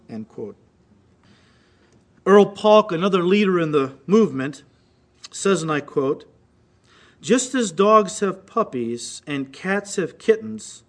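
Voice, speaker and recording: A man's voice: sits high, big pitch swings, slow, long pauses. A man preaching a sermon, reading quotations aloud and acting them out with rising intensity. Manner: reads quotes aloud, mimicking voices with rising intensity. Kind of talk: recorded sermon.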